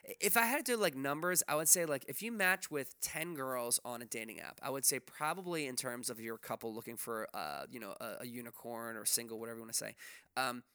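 His medium-pitched voice is brisk, pushed and bright with a clean tone and no echo. The man is co-hosting a podcast, chatting casually, rambling, restarting often, stuffing in fillers and swearing freely.

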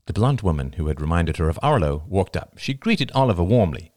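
A man narrating a novel as an audiobook, in an expressive storytelling manner. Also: low voice, fairly quick, hardly any pauses, dry recording, studio quality.

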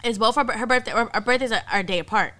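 A young woman co-hosts a casual podcast and talks in a loose, chatty way with plenty of cursing. Her voice is bright and crisp. She sits a touch above the usual pitch for a woman. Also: racing. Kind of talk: casual chat.

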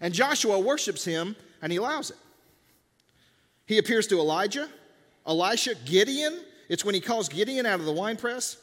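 A man's voice: sits high, lively intonation, moderate pace, a bit bright, long reverb tail. A man preaching a sermon in a church, talking conversationally and acting out the dialogue of biblical scenes. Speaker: pastor. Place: church sanctuary.

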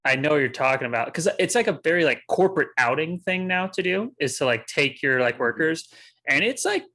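A man in his twenties co-hosting a podcast in a relaxed, chatty way. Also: fairly high pitch, a little fast. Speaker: podcast co-host. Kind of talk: casual chat.

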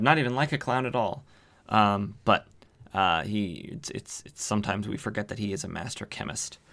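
A man's voice: fairly low pitch, a bit bright. A man hosting a comic book podcast, recapping an old comic in a joking, sarcastic tone with lots of fillers.

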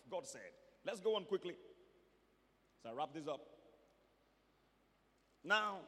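A man preaching a sermon to a church, moving between quiet asides and emphatic, shouted lines. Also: very high-pitched, animated, a little slow, long pauses, long reverb tail.

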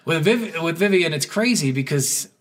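A man chatting casually as a podcast co-host, joking, swearing a lot and acting out characters in quick bits. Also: on the high side, expressive. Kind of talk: casual chat recapping a video game.

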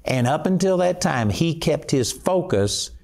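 A man's voice: fairly high pitch, lively intonation, unhurried, creaky, a little mellow. A man preaching a sermon in an earnest, emphatic way.

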